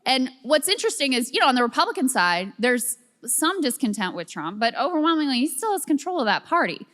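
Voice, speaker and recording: A woman co-hosting a political commentary show, chatty and quick to laugh, explaining things step by step. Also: sits high, sing-song, a bit bright, in a large hall. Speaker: co-host.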